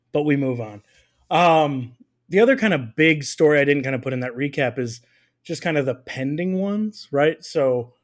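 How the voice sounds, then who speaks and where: A man co-hosting a casual soccer podcast, joking and rambling, laughing often. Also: medium pitch. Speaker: podcast co-host. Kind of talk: casual chat.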